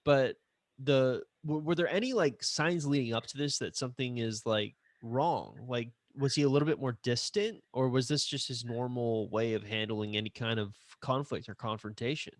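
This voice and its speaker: A man's voice: medium pitch, moderate pace, no room sound, studio quality. A man hosting a casual interview as a relationship coach, asking follow-up questions and sharing his own stories.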